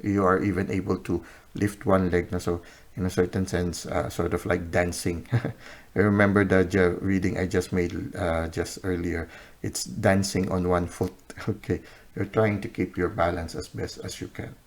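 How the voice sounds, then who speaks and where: A man with a very deep voice talks through a tarot spread to his viewers. He goes slowly, pausing on fillers and checking in with a questioning "no?" or "okay?" as he explains each card. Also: little pitch movement. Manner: unhurried, many "uh" pauses, often ends with "no?" or "okay?". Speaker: tarot reader. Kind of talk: unscripted tarot reading to camera.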